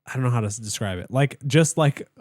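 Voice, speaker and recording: A man's voice: medium pitch, lively intonation, fast, a little mellow, no room sound. A young man co-hosting a podcast in a studio, telling a long story in casual chat, full of fillers and restarts. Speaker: podcast co-host.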